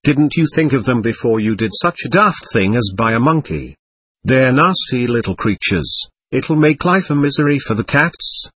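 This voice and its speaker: A man reading a story aloud and voicing a sharp-tongued woman who scolds and snaps. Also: mid-range voice, animated, normal speed, husky, no room sound. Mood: scolding. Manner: snappish, scolding.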